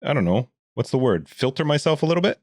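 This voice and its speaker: A man's voice: mid-range voice, big pitch swings, fast talker, darkish tone, dry recording, studio quality. A man co-hosting a gaming podcast, joking in a wry, hesitant casual chat. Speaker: podcast co-host.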